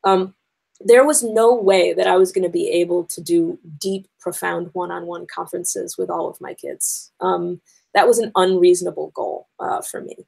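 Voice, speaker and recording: A woman's voice: lowish voice, fairly even intonation, normal speed, gravelly, darkish tone, breathy edge, poor audio. A woman educator giving a conversational conference talk to teachers, explaining her points step by step with frequent ums.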